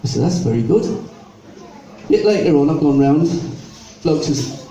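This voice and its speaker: Mellow and expressive, this older man's fairly high voice moves a little slowly and pauses often. On stage he spins chatty stories, voices other characters in his jokes and gets the audience singing along. The recording has venue echo and a distant microphone.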